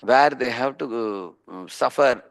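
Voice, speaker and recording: Gravelly Indian man preaching a sermon. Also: mid-range voice, slow. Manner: storytelling, often checks in with a questioning "huh?"; acts out the voices of people in his stories. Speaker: preacher giving a scripture class. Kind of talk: sermon with everyday stories.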